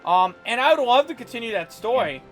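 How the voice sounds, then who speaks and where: A man's voice: very high-pitched, animated, a little fast, fairly bright tone, soft background music. A man chatting casually while playing a game, jokey and playful as he tells stories. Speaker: co-host. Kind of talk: casual gaming chat.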